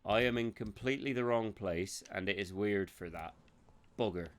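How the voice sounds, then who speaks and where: A man's voice: fairly low pitch, normal speed. A man streaming a video game, rambling, joking and swearing freely as he plays. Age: adult. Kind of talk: live gameplay commentary.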